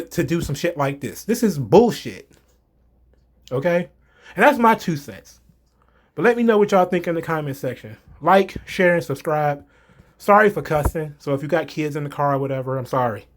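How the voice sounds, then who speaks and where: Angry, high-voiced man ranting profanely. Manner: heated, profane, repetitive, emphatic. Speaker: wrestling commentator vlogger. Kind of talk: angry opinion rant.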